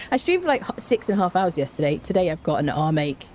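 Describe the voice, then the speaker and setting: A woman's voice: on the low side, sing-song, a little fast, darkish tone, slight background noise. A young woman, chatting playfully and laughing often as she live-streams a game. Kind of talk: casual live-stream chat while gaming.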